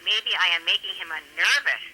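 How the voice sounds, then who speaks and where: A woman's voice: lowish voice, normal speed, bright, forceful tone, slightly rough, poor audio. A woman calling in to a radio talk show over the phone, chatting and telling stories as she gives advice and asks rhetorical questions. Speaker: radio guest.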